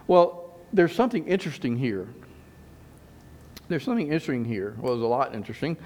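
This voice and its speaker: A man's voice: medium pitch, expressive, fairly quick, a little mellow. A middle-aged man preaching a sermon in a conversational way, repeating phrases and rising for emphasis.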